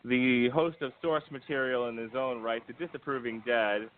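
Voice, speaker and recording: A man's voice: medium pitch, steady tone, moderate pace. A man hosting a casual, profane podcast chat, joking with his co-hosts. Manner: joking, profane, mimics others in quotes. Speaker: podcast host. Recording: phone-like band, faint noise.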